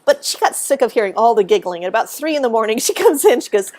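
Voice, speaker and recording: A middle-aged woman, a guest author, telling stories on a casual podcast, animated and laughing often as she restarts her sentences. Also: a little high, fast.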